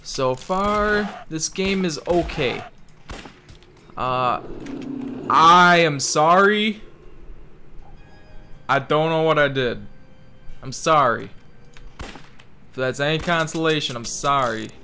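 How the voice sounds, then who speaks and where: Excitable young man with a joking put-on accent. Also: on the high side, slow, long pauses, slight background noise. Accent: put-on Italian-ish accent. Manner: rambling, excitable, swears, reads game text aloud mockingly. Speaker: gaming channel host. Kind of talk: casual gameplay commentary.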